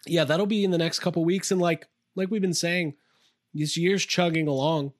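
A man's voice: a little high, steady tone, moderate pace, no echo, clean studio sound. A man co-hosting a casual chat podcast, rambling, self-interrupting and laughing easily. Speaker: podcast co-host.

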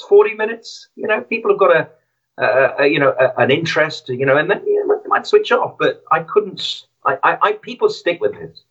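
A man's voice: fairly high pitch, fairly bright tone, breathy edge, highs cut off. A man who is a podcast guest, telling a moving story and talking about his podcast with hesitant restarts. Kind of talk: casual interview chat.

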